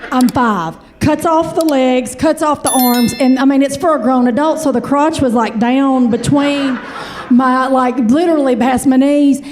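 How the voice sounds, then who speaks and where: Kentucky woman in her forties, chatty stand-up storyteller, high voice. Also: unhurried, slight background noise. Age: 40s. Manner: chatty, animated, addresses the audience directly. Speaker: comedian.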